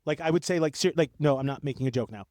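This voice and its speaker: A young man co-hosting a podcast, telling a history story in an excitable, rambling way that keeps breaking off and jumping between tangents. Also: fairly high pitch, racing, no room sound, clean studio sound. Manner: excitable, rambling, self-interrupting. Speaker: podcast co-host. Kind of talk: casual storytelling chat.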